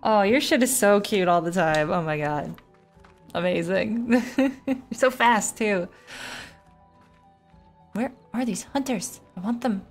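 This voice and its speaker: A woman streaming a game, chatting away in an animated, storytelling way. She swears freely and keeps a medium pitch. Her talk stays loose and unscripted. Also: a little slow, pauses often, faint music behind. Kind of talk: casual gameplay commentary.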